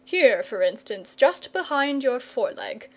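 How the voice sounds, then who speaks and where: A woman's voice: high-pitched, very animated, measured pace, voice pushed up, full character voice. A woman voicing a frank, pleasant, patient male knight in a storybook reading. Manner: frank and persuasive.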